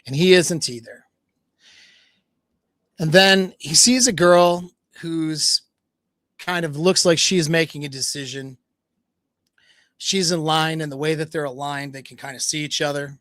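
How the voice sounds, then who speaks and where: A man's voice: on the high side, a bit bright, no echo. Blunt, casual man with a dry, close sound. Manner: blunt, casual, swears freely. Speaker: dating coach. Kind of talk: livestream talk, telling a story.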